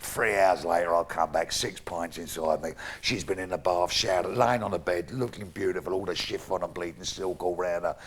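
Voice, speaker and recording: Here the middle-aged Cockney stand-up speaks in a deep, steady voice at a moderate pace with few pauses, performing for a live audience in a noisy stage recording. His humor is crude and brash, laced with swearing, and he acts out both roles in his anecdotes.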